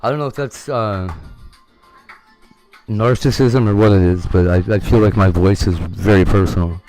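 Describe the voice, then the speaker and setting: Man, low voice, rambling livestream chat, swears a lot, faint music behind. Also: normal speed, mellow. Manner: rambling, candid, swears freely. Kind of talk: casual chat.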